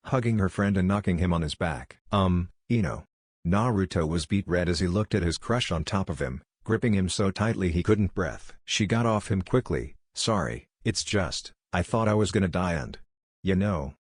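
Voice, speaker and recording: Deep male narrator, plain even read, dry close sound. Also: dry recording. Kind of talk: scripted narration of a fan story.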